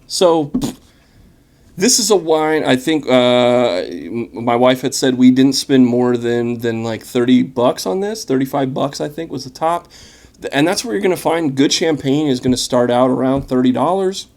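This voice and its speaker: A man hosting a casual wine tasting, talking in a relaxed, chatty and enthusiastic way with plenty of fillers. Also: medium pitch, normal speed. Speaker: wine vlogger.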